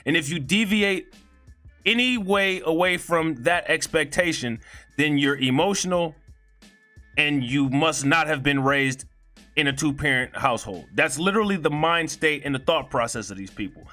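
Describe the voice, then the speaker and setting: Blunt, indignant man with a bright voice. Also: on the high side, moderate pace, soft background music. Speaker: video commentator. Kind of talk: heated commentary vlog.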